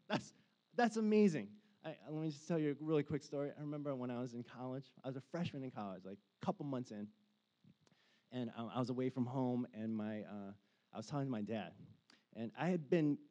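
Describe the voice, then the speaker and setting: A man's voice: fairly high pitch, a little mellow. A man in his forties preaching a sermon as a pastor, casual and conversational with lots of filler words, building to fervent passages.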